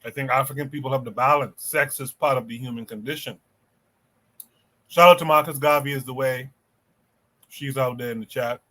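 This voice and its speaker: A man hosting a podcast who reads viewer chat comments aloud in a quiet, low-key way. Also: fairly even intonation, moderate pace, pauses often. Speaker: podcast host reading chat.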